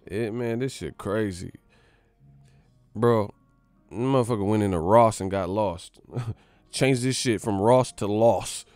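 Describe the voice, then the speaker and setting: Male streamer, lowish voice, loose profane banter with viewers, light music bed. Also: takes it slowly, pauses often, a little mellow, smooth, dry recording. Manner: loose, profane, joking with chat. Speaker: live stream host. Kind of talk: casual live stream chat.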